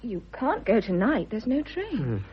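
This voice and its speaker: Brief: actress playing playful young wife, husky, slightly high voice, muffled old radio sound. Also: female voice, wildly swooping pitch, unhurried. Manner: playful, teasing. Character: spirited young wife, teasing and affectionate. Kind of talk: vintage radio drama acting. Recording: dull lo-fi old radio recording.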